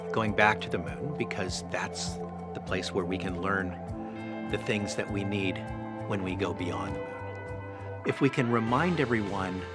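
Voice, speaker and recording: A middle-aged man with a low voice speaks earnestly and evenly. Clear music plays beneath him throughout. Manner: earnest, measured. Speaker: interviewee, son of an Apollo astronaut. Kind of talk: reflective interview. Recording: music bed underneath.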